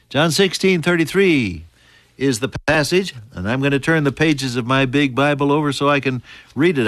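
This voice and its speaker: A man preaching a sermon in an earnest way, rising high for emphasis and dropping soft and low. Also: no echo, studio quality.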